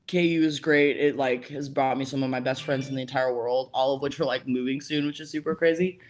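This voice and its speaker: A young woman talks casually as a podcast guest, leaning on "like" as she goes and slipping into the voices of the people in her story. Her manner is relaxed and conversational throughout. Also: a bass voice, a little fast. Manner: chatty, heavy use of "like", acts out quoted voices. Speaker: podcast guest, college debater.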